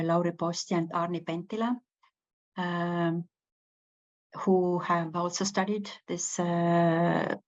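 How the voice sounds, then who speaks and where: A woman giving a university lecture, hesitant, with many pauses and fillers. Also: lowish voice. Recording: dull lo-fi recording.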